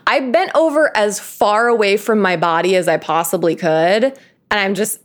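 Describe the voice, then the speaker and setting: A young woman co-hosting a podcast, telling a story in a casual, animated way, laughing often and saying "like" a lot. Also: mid-range voice, normal speed. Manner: animated, laughing, full of filler "like".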